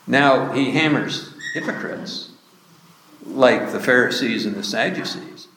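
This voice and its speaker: Male pastor, sermon, unhurried and deliberate, long hall reverb. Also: mid-range voice, pushed and bright, slight background noise. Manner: slow, deliberate preaching with emphatic rises. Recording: echoey hall.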